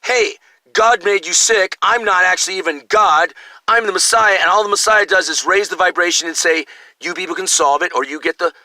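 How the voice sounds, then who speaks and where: A lofty male messiah preaches in a slow, declaiming way, as an older man puts him on. The voice is raised and very bright. It is recorded dry and close. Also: high-pitched, no echo, voice pushed up, rough recording.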